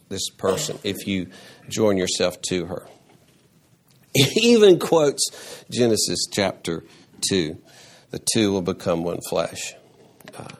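A man preaching a sermon as pastor, animated, repeating words and restarting phrases, with sudden rises into a high voice for emphasis.

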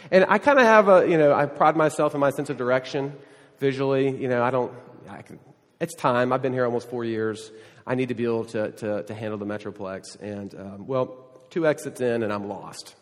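A man's voice: medium pitch, a little fast. Man preaching in a reverberant hall. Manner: storytelling, rambling with restarts and self-deprecating asides. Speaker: pastor. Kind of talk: sermon.

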